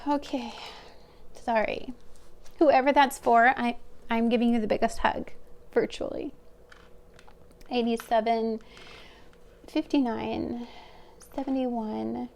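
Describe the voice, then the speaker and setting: Slow, gravelly-voiced woman reading tarot. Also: fairly high pitch, steady tone, darkish tone. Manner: hesitant, searching, heartfelt. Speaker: tarot reader. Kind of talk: pick-a-card tarot reading to viewers.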